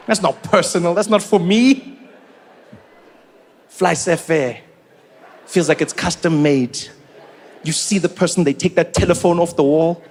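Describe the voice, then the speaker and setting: A man, doing an animated stand-up routine full of incredulous questions. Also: on the high side, measured pace, long pauses, noisy background. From South Africa. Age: 40s. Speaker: stand-up comedian.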